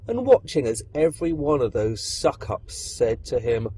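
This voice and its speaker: A man narrating a dark fairy tale, expressive and speaking directly to the listener. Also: medium pitch, moderate pace, few pauses, slight background noise. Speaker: storyteller. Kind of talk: dramatic storytelling narration.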